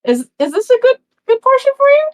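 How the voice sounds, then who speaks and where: A woman's voice: very high voice, sing-song, fairly quick, no room sound, pitched above the performer's own voice. A woman voicing a friendly, motherly dwarven woman cook who fusses over her guests, in a tabletop game. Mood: eager. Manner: fussing, reassuring, shooing people along.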